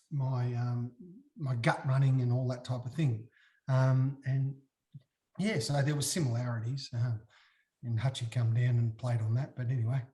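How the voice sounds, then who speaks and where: This ex-footballer, a middle-aged Australian, is a guest in a casual chat, telling stories. He performs the quotes with animated, big pitch jumps as he goes.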